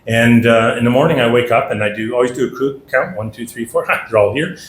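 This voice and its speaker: A middle-aged Canadian man spins yarns at a dinner talk in a mid-pitched voice, acting out the other people's lines as he goes. The room is echoey, with a faint hum of ambience behind him. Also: fast talker. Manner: anecdotal, animated, acts out dialogue. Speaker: guest speaker. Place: dinner hall.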